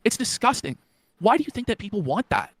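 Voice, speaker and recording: A man co-hosting a livestream, talking fast and sarcastically while reacting to clips. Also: high voice, big pitch swings, no echo. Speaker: stream co-host. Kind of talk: casual commentary chat.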